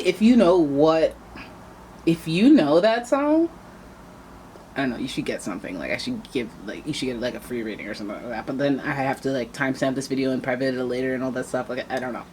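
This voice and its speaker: A woman's voice: rumbling low, lively intonation, fairly quick, a little mellow, slight background noise. A woman doing a casual tarot reading, chatting straight to her viewers and often drifting into playful tangents. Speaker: tarot reader.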